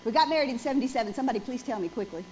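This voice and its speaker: Preaching a church sermon, this female pastor in her forties is emphatic and expressive, racing along in a high voice with a darkish tone while firing questions at the congregation. The lo-fi recording sounds dull, with faint noise beneath.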